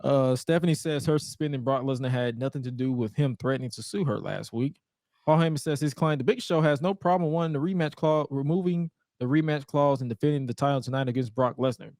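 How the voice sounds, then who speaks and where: A man's voice: mid-range voice, quick pace, no room sound, clean studio sound. A man co-hosting a podcast, recapping old wrestling shows in casual chat and acting out the wrestlers' lines in playful voices. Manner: animated storytelling with playful put-on quotes. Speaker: podcast co-host.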